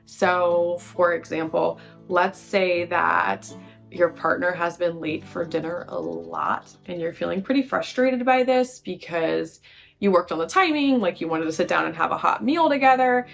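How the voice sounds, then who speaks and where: Low-voiced woman explaining relationship advice. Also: gravelly. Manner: friendly, explanatory, with emphatic rhetorical questions. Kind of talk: conversational teaching to camera. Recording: faint guitar music behind.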